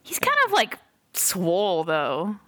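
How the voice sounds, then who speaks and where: Animated, giggly woman co-host, lowish voice that swings around, close and dry. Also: slow, no echo. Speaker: podcast co-host. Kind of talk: casual chat.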